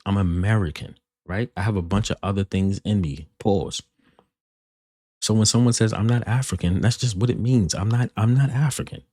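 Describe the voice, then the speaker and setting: Deep-voiced man arguing emphatically. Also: moderate pace, dark tone, no room sound, studio quality. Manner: emphatic, repeats himself and restarts while arguing. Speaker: reaction video host. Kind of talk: commenting on a played podcast clip.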